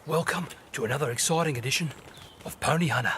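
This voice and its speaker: A man's voice: on the high side, fast, lightly acted. A man putting on a brash Australian wildlife-show host with a broad drawl. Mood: hushed showman.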